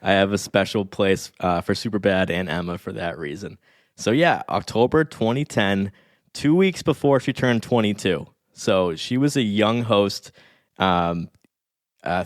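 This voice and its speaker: This thirties-aged podcast guest, who works as a statistics expert, reminisces about earlier comedy episodes in a loose, rambling, eager and thoughtful way. The voice sits on the low side, and the studio-quality audio has no echo.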